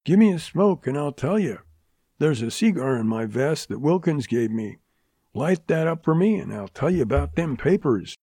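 A beaten young gunman in his twenties, hoarse and cornered, spitting curses at his captors, as a male narrator puts him on. His voice sits noticeably higher and strained, with a mellow, dry tone in this western audiobook. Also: lively intonation, moderate pace, no echo. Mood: desperate. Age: 20s. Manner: desperate, defiant, spitting curses. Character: battered young male gunman, desperate captive.

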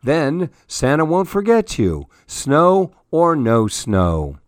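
A man voicing a gentle, reassuring father in a children's story. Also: a little high, huge pitch swings, takes it slowly, no echo, clean studio sound, pitched above the performer's own voice, heavily acted.

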